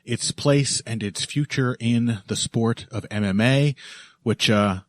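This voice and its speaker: A man's voice: medium pitch, takes it slowly, no echo, studio quality. A man hosting a podcast in casual chat, joking and laughing often. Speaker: podcast host.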